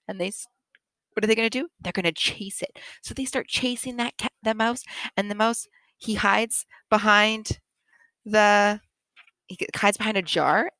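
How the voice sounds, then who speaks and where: A woman teacher retelling a picture book to children, animated and expressive, with frequent laughs. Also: mid-range voice, no echo.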